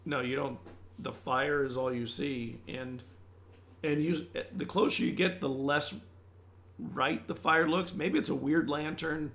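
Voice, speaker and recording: A man runs a tabletop game, narrating in a loose and halting way. His voice is a bit high and has a gravelly rasp. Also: fairly even intonation, fairly bright tone. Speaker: game master.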